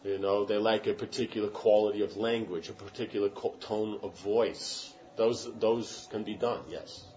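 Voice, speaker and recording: A man's voice: fairly low pitch, steady tone, moderate pace, darkish tone, a little hiss or hum. Spiritual teacher, male, rambling emphatic lecture, lo-fi muffled sound. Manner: rambling, emphatic, with many restarts. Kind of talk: lecture answering questions.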